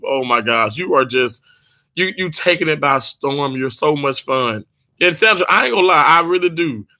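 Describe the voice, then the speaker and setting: Bright, chatty man live-streaming. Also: on the high side. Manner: chatty, animated, quick laughs, many restarts. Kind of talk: casual live-stream chat with viewers.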